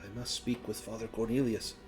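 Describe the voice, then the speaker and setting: A man's voice: on the low side, little pitch movement, fairly quick, music in the background, close to an everyday voice. A man doing a cowering, guilty servant. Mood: apologetic. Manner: cowering, apologetic, stammering. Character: timid, guilt-ridden male servant.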